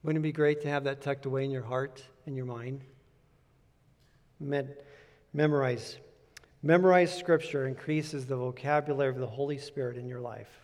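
A man's voice: medium pitch, steady tone, normal speed, darkish tone. A male pastor preaching a sermon in an earnest, conversational way, repeating key points for emphasis. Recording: long reverb of a large hall.

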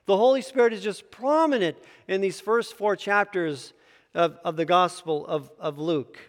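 A man's voice: high-pitched, moderate pace. Man teaching the Bible in a hall. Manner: conversational, asides and self-corrections.

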